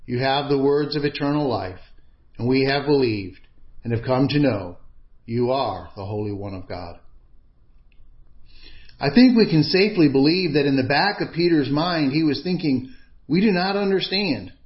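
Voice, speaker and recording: Guy preaching a sermon, earnest and emphatic, mid pitch, kinda muffled lo-fi audio. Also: lively intonation, moderate pace.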